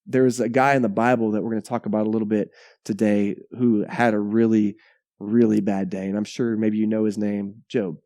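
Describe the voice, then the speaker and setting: A male pastor preaching a sermon in a conversational, animated way, often checking in with "right?" and repeating words. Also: on the low side, brisk, no echo, studio quality.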